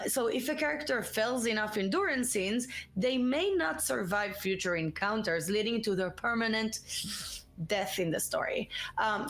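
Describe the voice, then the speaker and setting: A woman's voice: fairly high pitch, fairly bright tone. A young woman co-hosting a live stream, joking playfully and laughing often. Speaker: co-host of a live interactive show. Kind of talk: casual live-stream chat.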